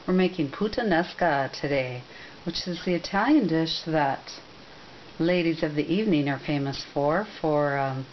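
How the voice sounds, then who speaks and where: A woman walks through a recipe in a casual, chatty way, often pausing on ums and correcting herself mid-sentence. Her voice sits on the lower side. The audio is dull and lo-fi, with a faint hiss underneath. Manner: chatty, rambling, with frequent ums and self-corrections. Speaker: cooking demonstrator.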